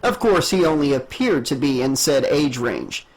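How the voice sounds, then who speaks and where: A man narrating an audiobook with steady, measured storytelling. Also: mid-range voice, low-quality recording.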